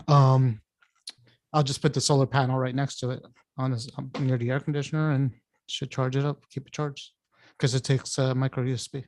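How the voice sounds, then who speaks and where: A man's voice: mid-range voice, a little mellow, no room sound, studio quality. A man co-hosting a podcast, telling rambling anecdotes with restarts and laughter. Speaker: podcast co-host. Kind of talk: casual chat.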